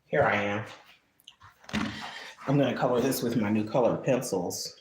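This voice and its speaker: A chatty, expressive livestream host, talking casually at home while coloring and often sighing. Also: mid-range voice, normal speed, background noise. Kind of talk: casual live-stream chat while coloring. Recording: roomy echo.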